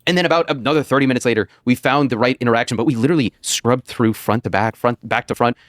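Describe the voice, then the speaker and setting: An American man telling a long, rambling anecdote as a podcast guest, chuckling and swearing along the way. He talks quickly in a mid-range voice. The sound is close and dry. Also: medium pitch, dry recording. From United States. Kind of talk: casual storytelling on a podcast.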